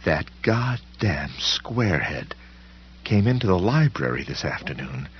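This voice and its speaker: A man voicing a furious woman turning into a creature, hissing and snarling in half-whispers and shrill outbursts. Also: very animated, a little slow, highs cut off. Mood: menacing sweetness.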